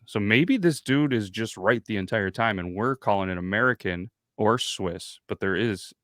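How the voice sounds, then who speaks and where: A man co-hosting a podcast in casual chat, relaxed, reading out facts he looks up online. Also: on the low side, no room sound, studio quality. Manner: laid-back, reacts briefly, reads facts off the web. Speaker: podcast co-host.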